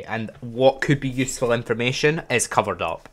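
A man's voice: medium pitch, normal speed, a bit bright. A young man hosting a gaming channel, thinking aloud in casual, chatty gameplay commentary and joking at his own expense.

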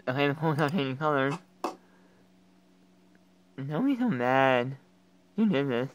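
A man giving reaction commentary, talking along casually and breaking into loud, excited exclamations. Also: a little high, normal speed, long pauses, clear, resonant tone, rough recording. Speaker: reaction video creator.

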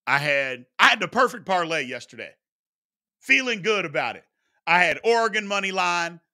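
Animated bright-voiced male sports host. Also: high voice, normal speed. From Louisville, Kentucky area. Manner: animated, repeats points for emphasis. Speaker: sports talk show host. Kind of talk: live sports talk, reading chat questions.

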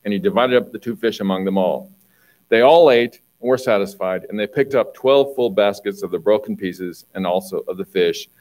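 A man preaching a conversational sermon, reading Bible passages and explaining them, often clearing his throat. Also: fairly low pitch, moderate pace, a little mellow, low-quality recording.

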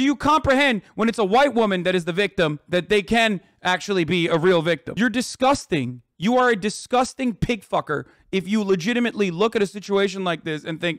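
Male streamer, high voice, dry close mic; heated, profane rant to chat. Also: expressive, fairly quick, hardly any pauses, dry recording. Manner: angry, profane, reads news aloud then rants at chat. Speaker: streamer reacting to news.

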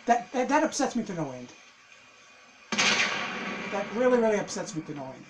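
A man commentating his own gameplay in a casual, excitable way, cursing and venting when things go wrong. His voice sits high and swings widely in pitch. Noisy game sound runs loudly behind him. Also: moderate pace. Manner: excitable, swearing, ranting at the game. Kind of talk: casual let's-play commentary.

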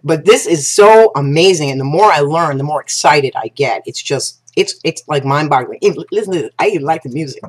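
A woman talking casually to her viewers as an affiliate marketer, gushing and excitable, restarting sentences and piling up exclamations. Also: deep voice, a little fast, hardly any pauses. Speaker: affiliate marketer pitching a business platform. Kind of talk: casual promotional vlog talk.

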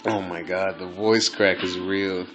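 Excitable, swearing man playing a game. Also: low-pitched, measured pace, soft background music, poor audio. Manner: excitable, profane, repeats phrases, laughs often. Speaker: gameplay commentator. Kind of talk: casual gameplay commentary.

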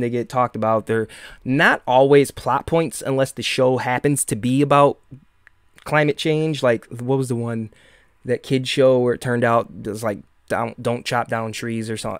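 A man's voice: medium pitch, clean tone, no room sound, clean studio sound. Sarcastic rambling man, Michigan accent. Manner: rambling, sarcastic, many fillers and restarts. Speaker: podcast host. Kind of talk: casual live-stream monologue.

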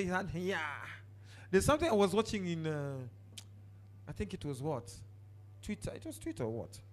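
A man preaching a sermon, jumping from shouted outbursts to quiet asides and telling the congregation to turn to their neighbors. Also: sits high. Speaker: pastor.

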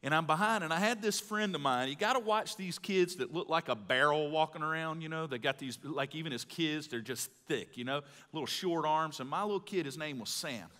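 A man preaches live to his congregation, his voice bright and fairly high. He tells folksy stories, swinging from loud bursts to hushed asides, and the hall rings with long reverb. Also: a little fast, few pauses. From Mississippi, US. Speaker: pastor. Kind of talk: sermon. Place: large church hall.

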